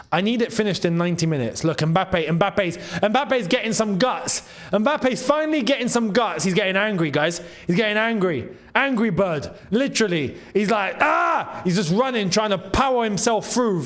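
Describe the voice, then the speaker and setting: Excitable man, lively high voice. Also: moderate pace, hardly any pauses. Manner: excitable, laughs often, banter-filled. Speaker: football channel host. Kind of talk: casual live watchalong commentary.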